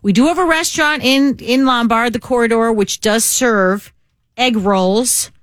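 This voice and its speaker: A woman's voice: a little high, unhurried, dry recording. A woman co-hosting morning radio in a studio, chatty and enthusiastic. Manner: enthusiastic, chatty, laughs easily. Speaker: radio co-host. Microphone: close studio mic.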